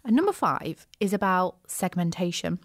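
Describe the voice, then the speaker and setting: A woman hosting a business podcast, chatty and animated, with frequent asides and restarts. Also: on the low side, normal speed, no room sound, clean studio sound. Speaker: podcast host, business coach. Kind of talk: casual solo podcast talk.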